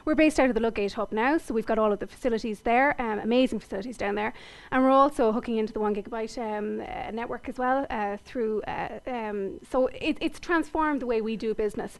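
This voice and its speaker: A woman's voice: a little high, brisk. An Irish woman interviewed on the radio about her tech company, upbeat and confident. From Ireland. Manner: upbeat, confident business talk.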